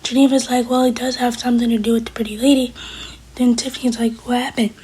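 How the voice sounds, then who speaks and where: A woman's voice: fairly high pitch, level tone, warm tone, husky, poor audio. A woman hosting her own channel, casually retelling a TV episode scene by scene. She quotes each character's lines in much the same voice as her own narration. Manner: rapid retelling that quotes characters in a barely changed voice. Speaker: TV episode reviewer and channel host.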